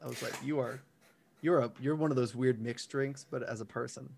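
A man's voice: mid-range voice, brisk, vocal fry, a little mellow, a little hiss or hum. A young man co-hosting a casual podcast chat, rambling through self-deprecating stories with restarts. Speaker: podcast co-host.

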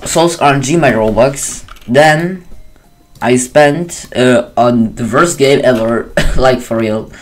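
A man chatting casually on a gaming livestream, rambling and tacking "bro" onto nearly every line. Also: medium pitch. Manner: rambling, says "bro" constantly, frequent laughs. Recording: keyboard clicks and typing noise. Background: keyboard typing.

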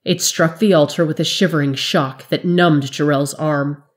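A low-voiced woman reads a fantasy story aloud, measured and dramatic. She narrates the fiction steadily, with fairly even intonation.

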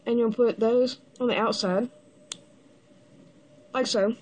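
A woman with the hiccups giving a casual step-by-step building tutorial, halting and pausing mid-step to show the pieces. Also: fairly high pitch, steady tone, a little mellow, slight background noise. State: has the hiccups. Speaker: toy builder giving instructions.

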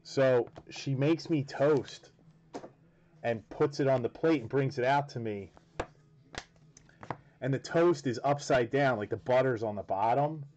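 A man of medium pitch, slightly mellow and unhurried with long pauses, hosts a card break. He chats casually while opening cards, rambling, joking, and swearing freely, on a dull lo-fi recording with faint noise.

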